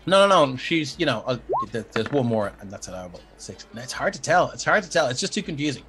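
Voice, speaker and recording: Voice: medium pitch, very animated, quick pace, fairly bright tone, faint music behind. A game master narrating a tabletop game, rambling and restarting sentences as they explain dice results.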